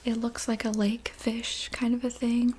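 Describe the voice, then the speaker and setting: A woman narrating a guided visualization in a whispered role-play, soft and meandering, with many fillers. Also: fairly high pitch, flat delivery, unhurried, slight background noise. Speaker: ASMR storyteller.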